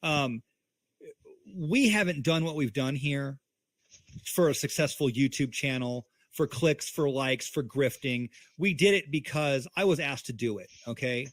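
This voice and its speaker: A man's voice: medium pitch, a little slow, no room sound. A man in a heated livestream chat on a video call, talking in an angry, emphatic, profane way. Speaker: co-host.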